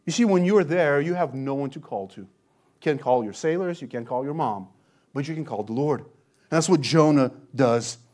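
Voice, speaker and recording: A man preaching an expository sermon. He talks earnestly, rising loud on key points and dropping low and quiet after them. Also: expressive, normal speed. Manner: earnest, swells loud then drops low for emphasis. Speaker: pastor.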